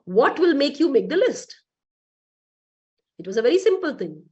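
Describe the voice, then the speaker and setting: A woman giving a lively motivational talk to a business team, asking rhetorical questions. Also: high voice, normal speed, lo-fi sound. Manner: lively, acts out quoted voices, rhetorical questions. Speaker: motivational speaker.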